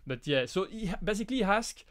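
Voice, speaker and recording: A man with a French accent, French as his first language, hosting a live prop-making Q&A in a halting way, with many restarts and fillers. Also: high voice, lively intonation, fairly bright tone. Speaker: prop-making channel host. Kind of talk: live stream Q&A chat.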